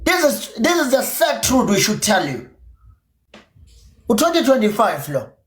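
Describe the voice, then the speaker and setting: A man's voice: very high-pitched, wildly swooping pitch, measured pace. A South African man with a Zulu-inflected accent, a native isiZulu speaker, ranting confrontationally and profanely on his podcast stream. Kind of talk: angry livestream rant. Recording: echoey room.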